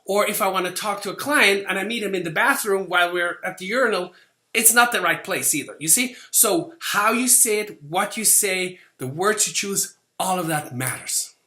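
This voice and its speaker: A man's voice: high voice, moderate pace, pushed and bright, echoey room. A man giving a lecture on sales, talking conversationally, acting out short quoted lines and often checking in with "okay?". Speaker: sales instructor.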